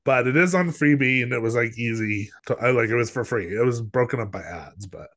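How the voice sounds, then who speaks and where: A man co-hosting a podcast at a middle pitch, chatting loosely and retelling a story. He fills his talk with filler words and jumps into quoted voices as he goes. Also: lively intonation, fairly quick, a bit bright. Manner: rambling, filler-heavy, acts out quotes. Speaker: podcast co-host. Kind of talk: casual chat, film review.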